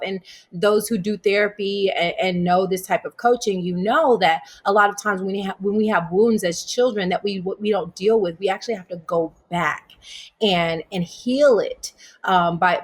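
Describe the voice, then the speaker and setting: A woman guest in an interview, telling a personal story in a casual way and laughing often as she talks. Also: medium pitch. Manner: animated, laughs while telling stories. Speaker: interview guest, yoga teacher.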